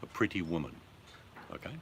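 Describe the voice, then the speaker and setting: His pace is a little fast as the deep-voiced Australian man talks easily with viewers, casually profane and laid-back. There's a soft hiss of background noise under his voice.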